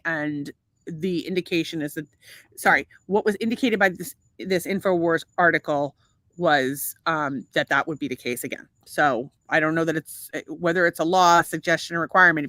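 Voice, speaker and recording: A woman's voice: on the low side, sharp tone, no room sound. A woman co-hosting a casual podcast, reading out viewer comments in a playful, profane way. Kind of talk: casual chat.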